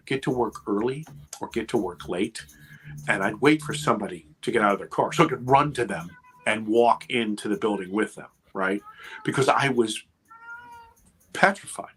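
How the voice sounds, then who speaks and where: A man in his fifties, a podcast guest and producer, telling an intense personal story with swearing and animated retelling. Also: lowish voice, slight background noise. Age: 50s. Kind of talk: emotional storytelling in conversation.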